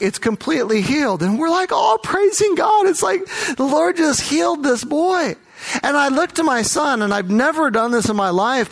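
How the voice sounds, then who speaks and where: A middle-aged man telling a mission story in a sermon, building to excited exclamations as he tells it. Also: high voice, gravelly. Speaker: missionary preacher.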